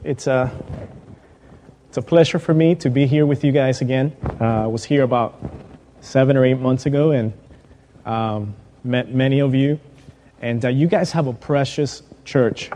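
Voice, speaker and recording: A male guest preacher opens his sermon in a church, his words trailing into long reverb. He speaks hesitantly, stopping and restarting often. His voice sits at an ordinary pitch for a man. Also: steady tone, moderate pace, pauses often, mellow, a little hiss or hum. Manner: hesitant, many fillers and restarts. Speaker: guest preacher, pastoral intern. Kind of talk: sermon opening. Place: church sanctuary.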